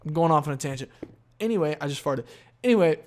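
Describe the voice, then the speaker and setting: A man hosting a podcast, telling a long story in a casual, profane monologue that is full of fillers and has loud, animated exclamations. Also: on the high side, quick pace. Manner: profane, rambling, heavy on fillers. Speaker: podcast host.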